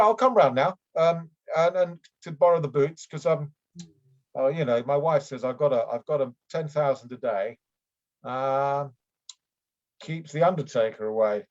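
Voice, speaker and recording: A flustered aristocrat who rambles, hesitates and trips over his own sentences, as a man improvises him. His voice sits a little high. It comes through a muffled, lo-fi video-call line. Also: normal speed, darkish tone, natural voice. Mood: bumbling. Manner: rambling, hesitant, full of ums and restarts. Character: bumbling middle-aged male aristocrat, flustered and unfit. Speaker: improv performer. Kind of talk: improvised comedy scene. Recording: dull lo-fi video call audio.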